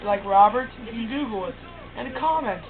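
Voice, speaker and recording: Excitable teen guy calling game plays. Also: very high-pitched, normal speed. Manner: excitable play-by-play calls. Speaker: gaming commentator. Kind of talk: casual gameplay commentary. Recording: tinny phone-like sound with clear noise.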